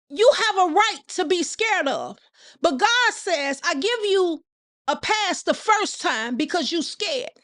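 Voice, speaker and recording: A woman's voice: sits high, a bit bright. A woman host preaching on a live stream, repeating phrases and asking listeners pointed rhetorical questions, and greeting viewers by name between points.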